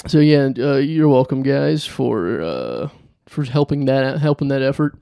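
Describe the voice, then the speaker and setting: A young man hosting a solo comedy podcast, rambling deadpan and laughing at his own jokes. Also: mid-range voice, unhurried, creaky, few pauses, clear, resonant tone, dry recording, clean studio sound. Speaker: podcast host.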